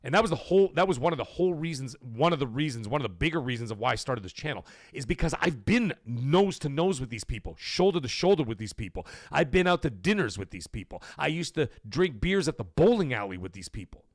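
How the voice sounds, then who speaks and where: A man's voice: medium pitch, very animated, fast talker, hardly any pauses, no echo, clean studio sound. A man hosting a gaming livestream, talking to chat in an emphatic, blunt way with swearing. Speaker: gaming show host.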